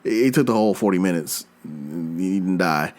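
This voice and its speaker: Low-voiced guy hosting a gaming podcast, super animated storytelling. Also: moderate pace. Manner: animated storyteller, acts out his own reactions. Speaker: podcast host. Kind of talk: casual gaming chat.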